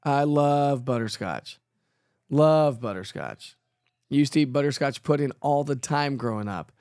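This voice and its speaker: A man's voice: mid-range voice, unhurried, a little mellow, smooth, dry recording, studio quality. A man hosting a casual live weather show, chatty and playful, who jokes at his own expense and laughs often. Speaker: weather forecaster host.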